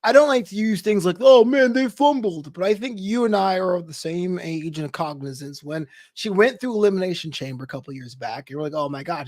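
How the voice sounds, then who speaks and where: A man with a high voice co-hosting a podcast, talking in an emphatic, animated way and joking as he goes. He leans hard on his points. The recording is dry and close to the mic. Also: no echo. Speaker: podcast co-host. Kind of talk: casual wrestling podcast chat.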